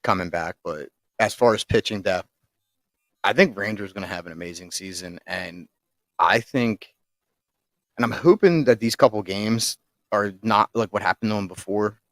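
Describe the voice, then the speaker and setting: A man's voice: fairly low pitch, moderate pace, no echo. A man co-hosting a sports podcast, talking in a loose, rambling way with frequent restarts and casual swearing. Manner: rambling, profane, restarts a lot. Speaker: podcast co-host.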